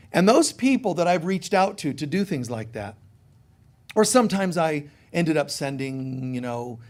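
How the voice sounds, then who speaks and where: A middle-aged man, a spiritual teacher, giving a conversational sermon, telling stories with lively acted-out quotes. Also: sits high. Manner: animated storytelling, acting out quoted voices.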